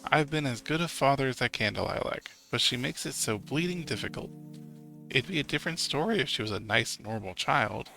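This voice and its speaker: A man doing a defensive middle-aged dad, indignant and blustering, with a gravelly edge and a bright, tense tone. He pushes back hard and sounds put out. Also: medium pitch, animated, fairly quick, faint music behind, low-quality recording.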